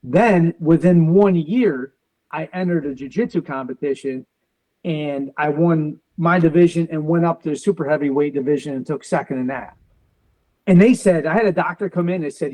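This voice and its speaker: A man with a fairly high speaking voice tells his story as an interview guest. He acts out other people's lines as he goes, and his delivery is defiant and determined. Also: moderate pace, a little mellow, poor audio. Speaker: interview guest, military veteran.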